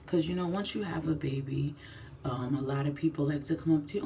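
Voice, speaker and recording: A woman's voice: low voice, a little fast, mellow, far from the mic, a little hiss or hum. A young woman filming a candid confessional vlog in her bathroom, speaking frankly and emphatically, sometimes dropping to a whisper. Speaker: vlogger. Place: home bathroom.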